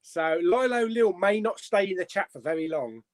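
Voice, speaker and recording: A man hosting a casual live-stream chat, jokey and quick to laugh. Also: sits high, expressive, dry recording. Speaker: host of a live chat show.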